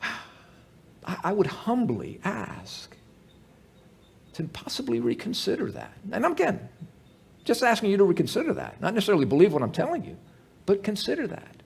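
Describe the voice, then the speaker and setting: A male pastor delivers an evening sermon in a church. His voice sits high and a little husky, with a lively, wide-ranging pitch. He speaks conversationally, mixes in jokes, and keeps asking the congregation rhetorical questions. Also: moderate pace, long pauses. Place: church sanctuary, evening service.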